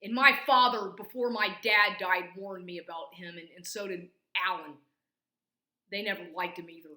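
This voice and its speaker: A woman's voice: mid-range voice, steady tone, normal speed, pushed and bright, echoey room. A woman venting in an angry, rambling personal rant, swearing constantly. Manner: profane, rambling, agitated. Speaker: vlogger.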